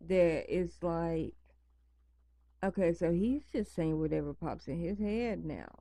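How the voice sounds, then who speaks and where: Slow, gravelly-voiced woman chatting at home. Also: fairly low pitch, dark tone, no room sound. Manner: rambling, repeats herself for emphasis. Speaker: vlogger. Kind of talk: casual chat to camera. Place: home at night, near pets.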